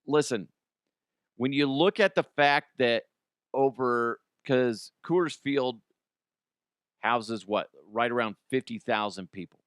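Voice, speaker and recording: A middle-aged man riffs through a comedy podcast with a bright, crisp voice. He is self-mocking and reads ads casually. The sound is close and dry. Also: slow pace, dry recording. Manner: self-mocking, jumps into high squeals for jokes.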